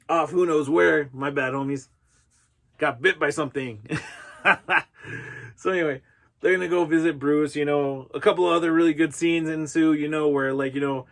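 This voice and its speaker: Laid-back slangy man, slightly high voice. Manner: laid-back, slangy, constant "you know" fillers. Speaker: movie reviewer. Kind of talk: casual movie recap.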